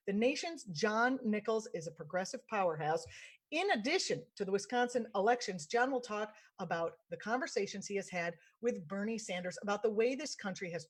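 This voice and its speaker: Upbeat woman hosting an interview. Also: medium pitch. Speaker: host.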